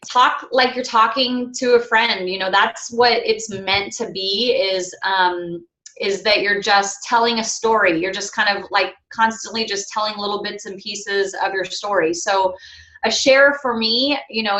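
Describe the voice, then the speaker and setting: A woman's voice: medium pitch, sharp tone, roomy sound. A woman coaching her team on a call, chatty and casual, acting out playful quotes.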